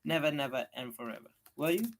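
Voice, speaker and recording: Eager young boy, read by a man, coaxing and a touch higher than plain talk. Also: lively intonation, fast talker.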